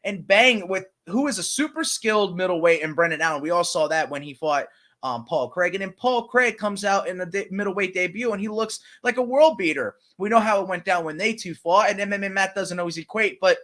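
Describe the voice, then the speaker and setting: A podcast co-host with a high-sitting, fairly bright voice and lively intonation talks fairly quickly in casual sports betting chat about fight picks. Chummy, he calls his co-host brother and man, rambling loosely with lots of fillers and restarts.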